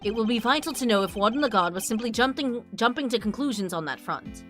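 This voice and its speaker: A woman voicing a cold, sharp-tongued male prosecutor in a game, speaking low and clipped. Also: lively intonation, quick pace, soft background music. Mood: scornful.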